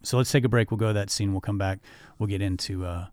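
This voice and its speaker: A man co-hosting a film podcast, talking eagerly and rambling through a scene. His voice sits a bit low and the sound is dry. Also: steady tone, fast talker, darkish tone, no echo. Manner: enthusiastic, rambling with fillers. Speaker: podcast co-host.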